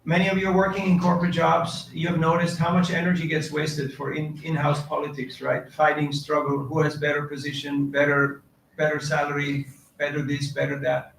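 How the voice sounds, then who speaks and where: Male preacher, raised pitch, gravelly, quizzes the crowd; roomy hall sound with faint noise. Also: monotone, a little fast, a bit bright. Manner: questions the audience, quotes Sanskrit verses. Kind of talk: devotional lecture. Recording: echoey hall, distant mic, faint noise.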